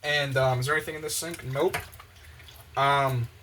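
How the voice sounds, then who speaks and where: A young man chatting casually and excitedly, full of slang and fillers, while doing the dishes in his kitchen. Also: medium pitch, moderate pace, slight background noise. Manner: excited, slangy, many fillers, acts out quotes. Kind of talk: casual rambling monologue. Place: home kitchen with open windows.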